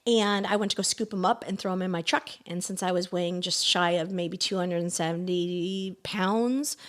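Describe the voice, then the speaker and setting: A middle-aged woman, a podcast guest, telling personal stories in a casual, animated way, laughing often and dropping into soft asides. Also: lowish voice, normal speed. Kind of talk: casual conversational storytelling.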